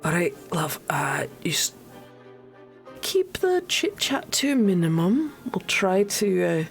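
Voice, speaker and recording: A woman's voice: mid-range voice, very animated, a little slow, vocal fry, soft background music, voice pushed up. A woman playing a jaunty male gnome swindler. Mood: hushed. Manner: breezy, chummy, calls people love and lads. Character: jaunty smooth-talking male gnome con man.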